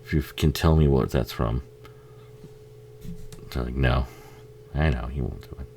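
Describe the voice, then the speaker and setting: Hosting casual film commentary, a man talks a little fast in an extremely low, mellow voice with vocal fry. He curses a lot, laughs often and jokes at the screen, with slight hiss or hum in the audio.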